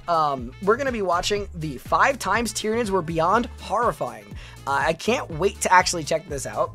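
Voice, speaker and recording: A woman's voice: mid-range voice, a bit bright. A young woman streaming casually, reading her chat aloud and reacting with chatty restarts.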